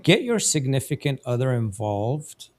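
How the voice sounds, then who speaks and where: A man's voice: medium pitch, sing-song, measured pace, noisy background. A man in his fifties hosting a live interview show, giving advice in a reflective and earnest way. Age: 50s. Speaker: host.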